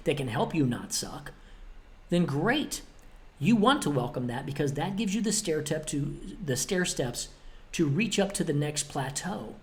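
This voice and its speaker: A man with a fairly high, darkish voice hosts his own motivational podcast. He speaks bluntly and emphatically, with a bit of cheek, voicing both sides of made-up conversations.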